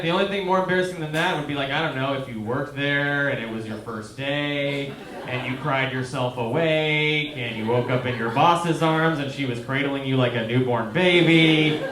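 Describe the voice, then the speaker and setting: Stand-up comic, roomy theater, crowd laughter. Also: male voice, medium pitch. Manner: conversational, asks the crowd questions. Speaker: stand-up comedian. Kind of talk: stand-up comedy set. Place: small theater stage. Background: audience laughing.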